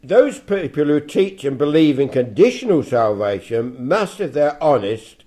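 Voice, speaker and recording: A man leading a Bible study, reading scripture aloud slowly and then explaining it in a plain, conversational way with fillers and restarts. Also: on the high side, sing-song, warm tone. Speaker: Bible teacher.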